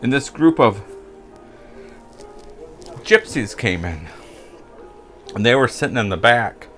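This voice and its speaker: A man's voice: medium pitch, very animated, takes it slowly, fairly bright tone, faint music behind. Rambling older American man telling stories. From United States. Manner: rambling, chuckling, loses names. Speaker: vlogger. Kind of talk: casual storytelling chat.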